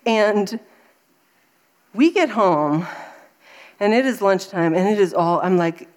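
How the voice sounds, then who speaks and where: A woman in her thirties giving a faith talk, telling a personal story with animated delivery and acting out her own frustration. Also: medium pitch, takes it slowly, long pauses.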